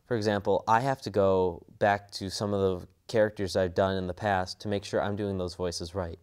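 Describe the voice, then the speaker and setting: A man's voice: low-pitched, fairly even intonation, moderate pace, smooth. A young man talking casually in an interview about his work as a voice actor, in an earnest, rambling way. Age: young adult. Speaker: voice actor and student.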